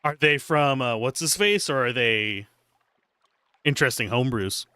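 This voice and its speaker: A man's voice: medium pitch, moderate pace, bright, forceful tone, smooth, no echo. A man chatting casually to his livestream viewers, rambling and correcting himself as he goes. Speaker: streamer.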